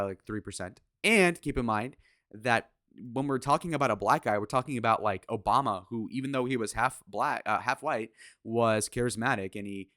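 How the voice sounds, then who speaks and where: A man's voice: medium pitch, a bit bright, dry recording, clean studio sound. A man giving casual political commentary in a crude, sarcastic, opinionated way, with swearing.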